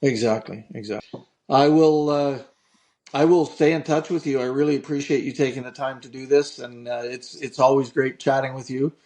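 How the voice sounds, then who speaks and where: A man's voice: medium pitch, fairly even intonation, normal speed, darkish tone. A male author talks as a podcast guest, earnest and explaining his side. He has a mid-range voice and keeps a conversational tone. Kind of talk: casual interview chat.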